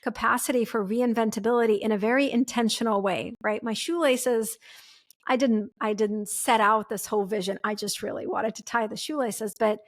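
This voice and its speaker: Earnest woman podcast host, slightly high voice. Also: steady tone, normal speed. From former Soviet Union. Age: 40s. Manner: earnest and reflective, with frequent "right?" and "like". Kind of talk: personal storytelling monologue.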